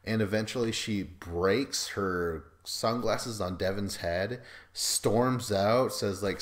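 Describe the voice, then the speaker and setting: A man's voice: low voice, a little slow. A young man hosting a podcast, rambling through a casual, profane recap and mimicking the people he quotes. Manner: profane, rambling, acts out quotes in mocking voices. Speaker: podcast host.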